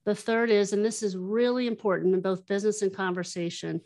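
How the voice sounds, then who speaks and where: A woman guest, a workshop trainer, explaining her methods and telling stories, acting out quoted lines in an animated way. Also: mid-range voice, a little fast. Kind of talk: explanatory interview talk.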